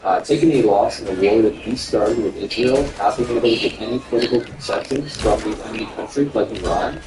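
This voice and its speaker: A man's voice: on the low side, brisk, reverberant, recorded from a distance, background noise. A man delivering an emphatic, declarative political commentary monologue.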